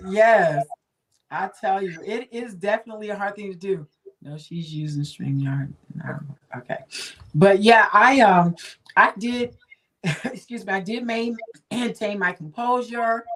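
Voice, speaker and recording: A woman hosts a casual chat, affirming her guest and sharing her own story, laughing often in a chatty way. Her mid-range voice is a little slow with a fairly bright tone, heard through a distant mic in a rough recording.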